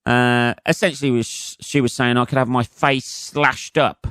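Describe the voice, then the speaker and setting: A man's voice: mid-range voice, flat delivery, measured pace, a bit bright, smooth, dry recording, clean studio sound. A man in his forties with an English accent, a comedian hosting his own podcast in a rambling, profane monologue full of fillers and restarts.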